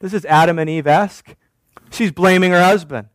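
A man's voice: sits high, moderate pace, dry recording. A man preaching a sermon in a church, with a conversational, wry manner that teases the congregation. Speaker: pastor.

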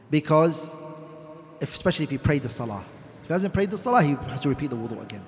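Fast-talking high-voiced male lecturer in an echoey hall. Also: big pitch swings, a little hiss or hum. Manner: reads Arabic text quickly, then explains in English with questions to the class. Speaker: teacher of Islamic law. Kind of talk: classroom lecture.

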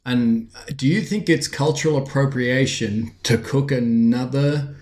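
A man's voice: mid-range voice, a little slow, a little mellow. A man co-hosting a casual chat and talking with frequent fillers and restarts. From born outside the US. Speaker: podcast co-host. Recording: echoey room.

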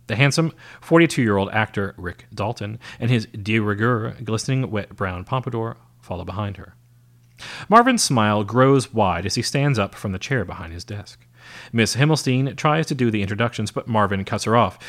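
A man's voice: on the low side, lively intonation, moderate pace, a bit bright. Man steadily reading a story. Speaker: narrator. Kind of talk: reading a novel aloud.

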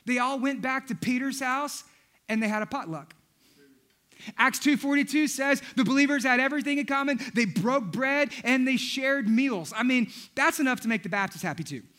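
A male pastor delivering a lively, humorous sermon, telling stories, acting out quotes and raising his voice for emphasis. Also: very high-pitched, moderate pace. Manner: storytelling, acts out quotes, shouts for emphasis. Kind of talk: energetic comedic sermon.

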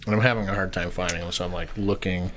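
A man telling a story on a casual podcast, swearing freely and acting out shouted lines. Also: deep voice, quick pace. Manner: animated storyteller, swears a lot, acts out shouted quotes. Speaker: podcast co-host.

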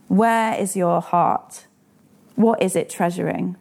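A woman's voice: on the low side, creaky, a little mellow. A woman in her thirties preaching a sermon in an earnest, personal way and asking the listeners direct questions.

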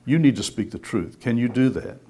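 A man preaching a sermon, conversational and lively, firing rhetorical questions and acting out little voices. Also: medium pitch, a little fast, slightly rough.

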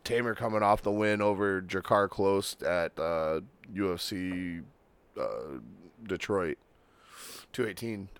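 A man co-hosting a casual fight-sports podcast, joking and swearing freely in relaxed banter. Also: deep voice, slow, smooth. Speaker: podcast co-host. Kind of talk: casual chat.

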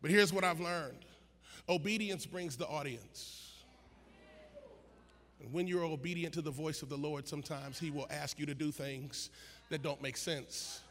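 High-voiced, bright male preacher in a hall. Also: measured pace. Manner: builds to shouted, sing-song preaching cadence. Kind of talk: sermon. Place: large conference hall. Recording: long hall reverb, faint ambient noise.

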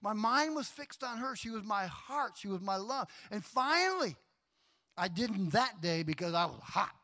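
A middle-aged man preaching a sermon, telling a personal story in a lively, animated way and acting out voices. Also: sits high, moderate pace. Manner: animated storyteller, acts out voices, laughs often. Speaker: pastor.

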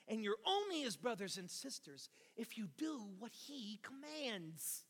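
A man preaching a sermon as pastor, talking emphatically and building to loud shouts. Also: high voice, big pitch swings, a little slow. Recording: long reverb of a large hall.

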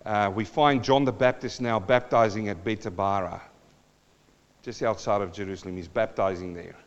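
A man preaching a sermon, emphatic with big swings in loudness and pitch and wry, teasing asides. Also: moderate pace. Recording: long hall reverb, dull lo-fi sound.

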